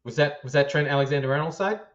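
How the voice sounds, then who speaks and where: A man's voice: fairly high pitch, quick pace, dull audio. A man co-hosting a football podcast, talking casually and animatedly, swearing and laughing often. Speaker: podcast co-host.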